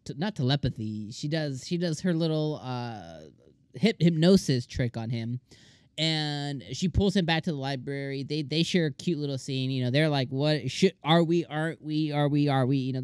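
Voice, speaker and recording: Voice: mid-range voice, a little mellow, dry recording, studio quality. A host giving a casual anime episode review, talking enthusiastically and rambling with many restarts and fillers. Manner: acts out characters' lines in quick voices.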